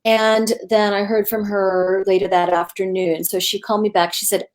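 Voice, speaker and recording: A woman's voice: mid-range voice, normal speed. A woman appearing as a guest medium, telling her story in a casual, rambling way with many fillers. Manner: rambling, animated retelling with fillers.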